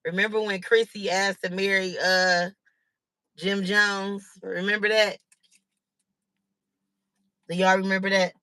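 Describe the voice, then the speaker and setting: A woman chats casually with her viewers, rambling from thought to thought with lots of fillers and laughter. Her voice is bright and forward. The sound is dry and close, with no room echo. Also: medium pitch, level tone, a little slow, long pauses, smooth. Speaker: livestream host.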